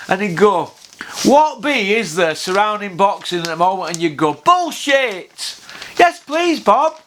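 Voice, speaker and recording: A man's voice: high voice, normal speed, fairly bright tone, a little hiss or hum. A man, ranting bluntly to camera about boxing and swearing freely on a casual vlog. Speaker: boxing vlogger.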